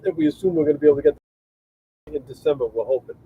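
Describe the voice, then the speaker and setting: A man's voice: a little high, wildly swooping pitch, racing, husky. A man co-hosting a casual livestream chat. He rambles and restarts his sentences while thanking viewers. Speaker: co-host of a travel livestream. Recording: tinny phone-like sound.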